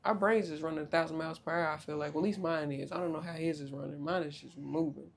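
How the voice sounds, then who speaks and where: A young woman hosting a podcast in casual chat, loud, joking and profane, with big swoops in pitch. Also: steady tone, fast talker, gravelly, a crowd in the background. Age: young adult. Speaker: podcast host.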